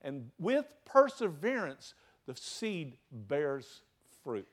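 A Southern US man delivering a sermon as pastor, his voice sitting a bit high for a man. He keeps firing questions at the congregation and answering them himself. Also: very animated, slow. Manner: preaching with rhetorical questions to the congregation.

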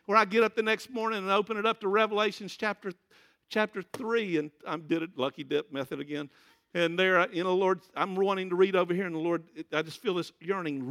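Animated preacher man, bright high voice. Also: fairly quick, creaky. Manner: animated, swings from loud excited retelling to hushed earnest tones. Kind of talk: sermon with storytelling.

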